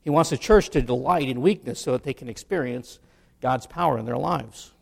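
A man, a pastor, delivering a sermon in an animated style with humorous asides. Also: mid-range voice, brisk, gravelly, slightly rough.

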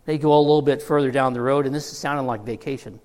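A man's voice: mid-range voice, fast. A middle-aged man preaching a sermon, telling a Bible story with humor and acting out the characters' lines. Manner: storytelling with humor, quoting characters in lively voices. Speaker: pastor. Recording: long hall reverb.

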